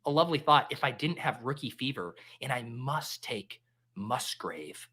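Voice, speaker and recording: Animated man hosting a live stream. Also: mid-range voice, slightly rough. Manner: animated, joking, quick exclamations. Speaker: livestream host. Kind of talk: casual live commentary.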